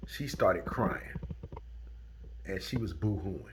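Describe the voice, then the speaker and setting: A man's voice: sits low, expressive, takes it slowly, slight background noise. A middle-aged man telling a true story from his school days in a casual, drawling way that turns heated. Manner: drawling, chuckling, gets heated and loud.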